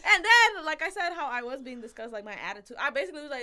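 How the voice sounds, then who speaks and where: A woman's voice: a little high, quick pace, hardly any pauses, clean tone. A young woman co-hosting a podcast, telling a story in casual chat, acting out quotes with lots of swearing. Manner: animated storytelling, acts out quotes, swears a lot. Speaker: podcast co-host.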